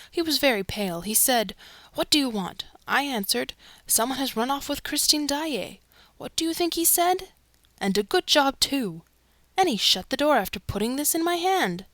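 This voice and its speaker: A woman's voice: sits high, a bit bright, no room sound, voice pushed up. Woman reading as a gloomy, breathless official. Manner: gloomy, urgent.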